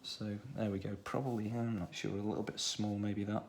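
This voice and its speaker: A man with a Stoke-on-Trent accent, talking through a children's drawing tutorial in a relaxed way, thinking aloud as he draws. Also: fairly low pitch, a little fast, a little hiss or hum. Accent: Stoke-on-Trent English. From England. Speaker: art tutor.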